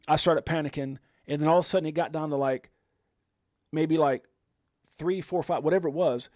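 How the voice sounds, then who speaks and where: A man's voice: on the high side, fairly even intonation, fairly quick, darkish tone, dry recording, clean studio sound. A middle-aged man hosting a casual livestream, telling a personal story with emphasis and acting out what people said. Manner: emphatic storytelling, acts out quoted exclamations. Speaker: livestream host.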